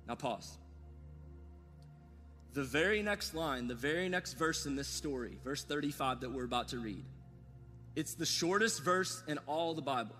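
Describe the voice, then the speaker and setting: A pastor preaches an earnest, repetitive sermon straight to his listeners in a high, bright, ringing voice. He is animated at a moderate pace with long pauses. A long hall reverb surrounds him, and soft music sits faintly underneath.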